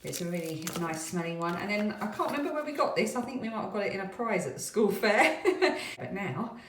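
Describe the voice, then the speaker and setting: A woman's voice: mid-range voice, sing-song, fairly quick, a bit bright, a little hiss or hum. A British woman vlogging at home, chatting casually to the camera and rambling with frequent laughs. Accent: British English. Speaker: craft vlogger. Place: home, bedroom and bathroom.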